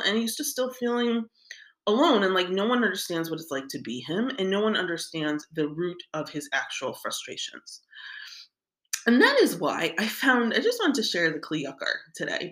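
A woman teaches scripture in a relaxed, talk-it-through way. Her voice sits fairly low, yet her pitch rises and falls a great deal. She works through ideas aloud and keeps adding "right?". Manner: conversational, thinks aloud with frequent "right?" asides. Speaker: Torah teacher. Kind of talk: casual spoken Bible lesson.

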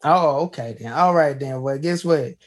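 With a mid-range voice at a moderate pace, a man hosting a podcast tells a personal story in casual, folksy style. He frequently starts with "hey" and restarts his sentences.

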